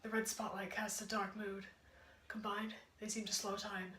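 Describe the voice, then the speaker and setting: Woman doing a deadpan morbid alter ego. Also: medium pitch, moderate pace, lightly acted. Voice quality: flat, deadpan. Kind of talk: school drama presentation. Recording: echoey room, faint hum.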